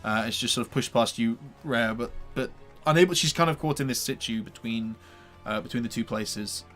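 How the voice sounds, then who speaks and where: A man's voice: medium pitch, fairly quick, a bit bright, faint music behind. A man narrating as game master of a tabletop game, hesitant, with many fillers and restarts.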